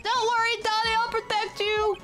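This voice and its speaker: A woman's voice: very high voice, monotone, moderate pace, music in the background, pitched above the performer's own voice. A woman voicing a doting, lovestruck young male student in a video game. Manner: doting, giddy.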